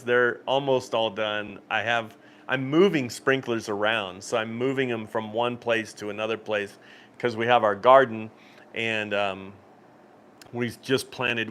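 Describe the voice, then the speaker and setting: Man, mid-pitch, easygoing live-stream host, rambles and laughs through stories. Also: a bit bright, slight background noise. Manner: rambling storyteller, frequent laughs and restarts. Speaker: cruise channel host. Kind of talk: casual live-stream chat.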